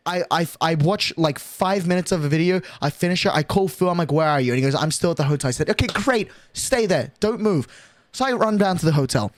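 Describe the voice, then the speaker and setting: A young man streamer telling a story in casual chat, animated and swearing a lot, from his bedroom at night. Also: on the high side, fast talker, hardly any pauses, no room sound. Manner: animated, swearing, excitable rant.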